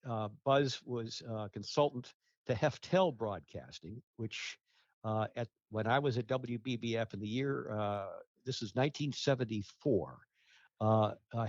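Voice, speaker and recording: A man recalls his years in radio in an unhurried, rambling way. He stumbles over fillers and restarts. His voice sounds muffled and dry. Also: mid-range voice, dry recording. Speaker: guest, radio ratings researcher. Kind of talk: casual interview talk.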